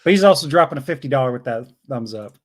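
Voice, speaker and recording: A man hosting a casual live stream, reading viewer messages aloud in a relaxed way, with fillers. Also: medium pitch, quick pace.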